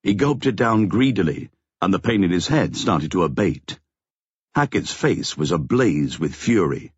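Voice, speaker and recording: Low husky male narrator. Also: animated, unhurried, no room sound, muffled recording. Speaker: audiobook narrator. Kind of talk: scripted narration.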